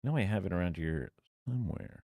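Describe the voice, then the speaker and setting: A man's voice: low-pitched, expressive, fast, warm tone, dry recording, clean studio sound. A man streaming live, reacting to a video in casual commentary and chuckling at it. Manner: rambling, chuckles at what he watches.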